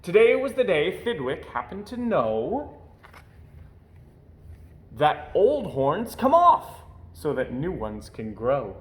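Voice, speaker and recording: A man reading a rhyming picture book aloud with an expressive, rhythmic delivery. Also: a little high, takes it slowly. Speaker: storyteller. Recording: echoey room.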